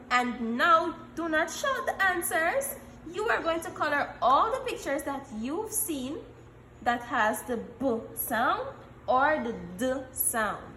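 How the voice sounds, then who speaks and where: A woman teaching young children a phonics lesson, encouraging them and repeating letter sounds slowly. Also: sits high, bright, forceful tone, echoey room, a little hiss or hum. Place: classroom.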